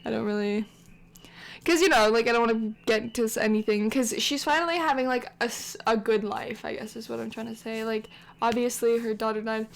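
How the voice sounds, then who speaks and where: A woman's voice: a little high, fairly even intonation, a little fast, gravelly. A woman hosting a game channel, narrating her life-sim story in a rambling, chatty way with lots of filler words. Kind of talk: casual let's-play commentary.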